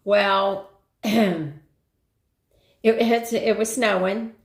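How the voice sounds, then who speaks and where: A woman's voice: medium pitch, steady tone, drawn-out words, creaky. An older woman hosting a live stream, telling a rambling everyday story in casual chat and greeting viewers along the way. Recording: roomy echo.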